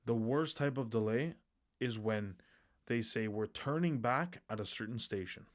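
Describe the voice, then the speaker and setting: A man co-hosting a casual podcast, emphatic and quick, often restarting his phrases. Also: medium pitch. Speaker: podcast co-host.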